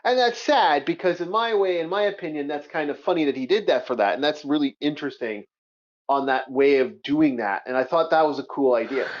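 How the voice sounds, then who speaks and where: A man co-hosting a casual chat, talking excitably in long rambling runs with lots of restarts and swearing. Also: on the high side. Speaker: podcast co-host. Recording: muffled lo-fi audio.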